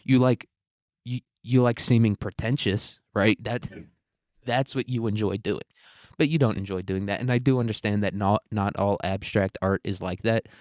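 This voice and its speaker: Profane, rambling young man, low voice. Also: fairly even intonation, moderate pace, a little mellow, dry recording, studio quality. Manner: profane, opinionated, rambling with restarts. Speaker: podcast host. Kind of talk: casual rambling monologue.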